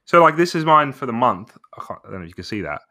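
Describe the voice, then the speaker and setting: A man's voice: mid-range voice, very animated, fast talker, bright, forceful tone. A man in his thirties co-hosting a podcast, chatting casually and rambling, often saying "bro". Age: 30s. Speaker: podcast co-host. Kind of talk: casual chat.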